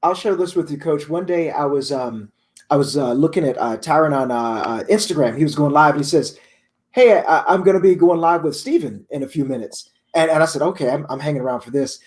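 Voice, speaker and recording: Guy with a pretty high voice telling a story, keeps going and and and. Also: a little fast, darkish tone. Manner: laughs often, repeats words as he tells a story. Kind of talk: casual chat and storytelling.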